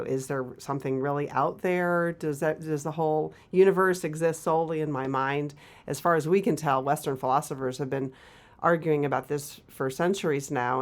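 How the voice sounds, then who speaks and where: Low-voiced woman, thoughtful and hesitant. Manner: thoughtful, hesitant, many fillers and restarts. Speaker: co-host and author. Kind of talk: TV talk show conversation. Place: local TV studio.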